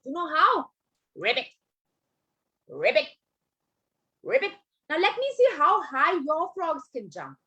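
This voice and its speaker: A woman telling a story to young children on a video call, animated and coaxing, asking them questions as she goes. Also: very high-pitched, normal speed, few pauses, lo-fi sound. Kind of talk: online storytelling workshop.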